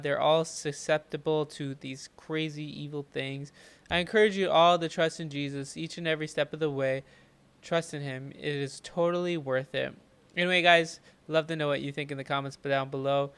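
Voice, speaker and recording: A man's voice: a little high, a bit bright, clean tone. Earnest man preaching to his viewers. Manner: earnest, encouraging. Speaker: Christian reaction channel host. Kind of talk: reaction commentary and preaching.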